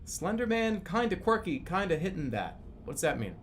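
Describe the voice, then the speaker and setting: A man in his thirties streaming live, chatting casually in a rambling, profane, animated way. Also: high voice, moderate pace, a little hiss or hum. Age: 30s.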